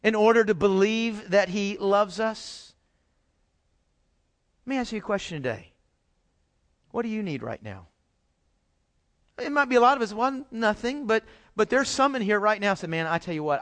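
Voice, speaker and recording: A man's voice: high-pitched, lively intonation, normal speed, long pauses, a bit bright. A man preaching a sermon as pastor, in a folksy conversational way with frequent restarts, addressing his congregation.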